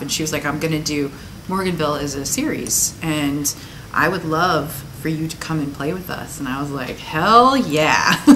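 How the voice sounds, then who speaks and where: A woman, an actress and author, chatting in a bubbly, animated way during a press interview. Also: low voice, noisy background. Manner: bubbly, animated, quick to laugh. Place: convention venue.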